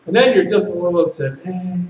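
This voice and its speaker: A man performing stand-up comedy at a party, with loud, animated shouted bits. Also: on the high side, brisk, reverberant, far from the mic, slight background noise, rough recording.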